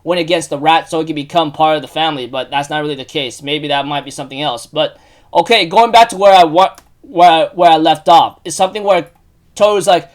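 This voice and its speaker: Male anime recapper, high voice, casual and rambling, prone to emotional outbursts. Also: a little fast. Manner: rambling, emotional, many fillers and restarts; bursts into loud excited outbursts.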